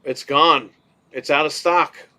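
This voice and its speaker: A man co-hosting a casual podcast, telling a story in an animated way, swearing casually and acting out what people said. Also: on the high side, slow pace. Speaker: podcast co-host.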